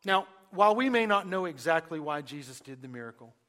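A man preaching a sermon, who asks the congregation questions and uses dramatic pauses, moving between loud emphasis and near-hushed lines. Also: on the high side, lively intonation, long reverb tail. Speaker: pastor.

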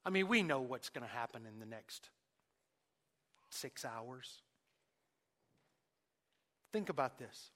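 A man preaching a sermon, swinging between loud emphasis and hushed asides, and acting out the quoted speech of Jesus and Peter. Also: mid-range voice, expressive, slow, long pauses.

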